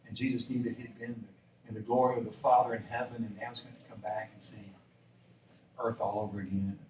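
A man's voice: fairly low pitch, fairly quick, far from the mic, slight background noise. A man preaching a sermon, acting out the lines of the figures in the story with changing voices. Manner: animated, acts out dialogue in changing voices. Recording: roomy echo, voice from off-mic.

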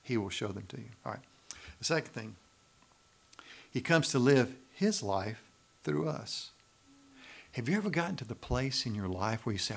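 A man's voice: medium pitch, lively intonation, normal speed, gravelly, pauses often. A man with a Southern US accent preaching a sermon in a conversational, pleading way, often asking the audience questions. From Macon, Georgia, US South. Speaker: pastor.

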